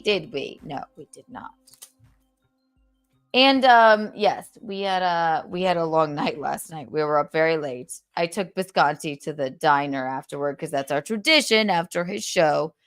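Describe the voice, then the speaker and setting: A woman with a New York accent hosts a loose livestream talk show, pushing and teasing her co-host between rambling asides. Her voice sits low and has a gravelly fry. She sounds a bit under the weather. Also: moderate pace, a bit bright, soft background music. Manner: teasing, pushy, rambling with fillers. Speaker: podcast host. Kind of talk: casual chat on a livestream.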